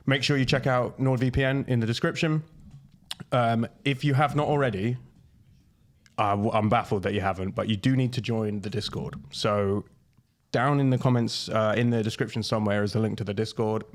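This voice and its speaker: A man's voice: fairly low pitch, normal speed. A man co-hosting a podcast in casual chat, with a teasing, playful manner. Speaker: podcast co-host. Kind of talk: casual chat and show outro.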